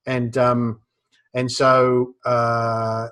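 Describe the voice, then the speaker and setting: A man with an Australian accent giving casual advice on humor, relaxed, with many fillers and restarts. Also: mid-range voice, extremely slow, smooth. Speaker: guest speaker on humor.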